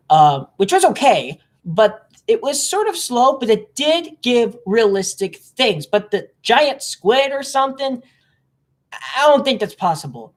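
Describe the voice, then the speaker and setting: A woman giving a casual, rambling reaction commentary as a space fan. She is sarcastic, leaps into high disbelieving tones, and trails off into quiet mumbled fillers. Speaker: space enthusiast reacting to a film.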